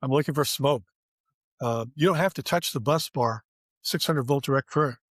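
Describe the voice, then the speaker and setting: A man's voice: medium pitch, normal speed, a bit bright, dry recording, clean studio sound. An older man, a former theme park designer, telling his career story in an interview and acting out the dialogue as he goes. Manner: vivid storyteller, acts out quoted dialogue.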